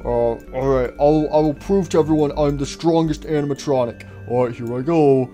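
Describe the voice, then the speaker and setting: A man voicing a boastful male gator animatronic with slow, gruff bragging. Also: on the high side, dark tone, soft background music, close to an everyday voice.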